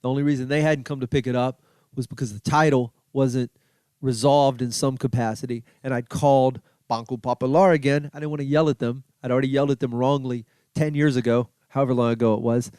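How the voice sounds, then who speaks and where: A middle-aged man, a comedian hosting his own podcast, rambling through a self-deprecating story and acting out his own past yelling. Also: medium pitch, steady tone, a little fast, clean tone, no echo, clean studio sound. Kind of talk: casual storytelling monologue.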